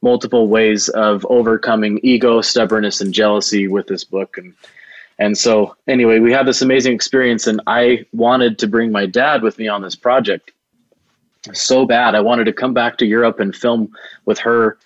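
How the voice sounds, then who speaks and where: A man with a fairly low voice tells a long personal story in an interview, earnest and rambling, circling back with fillers and restarts. The sound is dry and a bit dull, like a modest lo-fi recording. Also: fairly even intonation, moderate pace, no echo. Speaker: video production business owner, guest.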